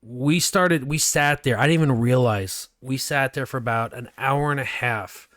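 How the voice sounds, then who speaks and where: A man's voice: medium pitch, normal speed, a bit bright, dry recording, clean studio sound. A man hosting a podcast, telling a personal story in a candid, self-mocking way with casual swearing. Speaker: podcast host.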